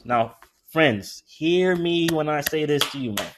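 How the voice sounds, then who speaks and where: A man preaching a sermon who talks casually with the congregation and slows way down to read scripture aloud. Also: a little high. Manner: conversational, animated preaching with frequent asides to the congregation.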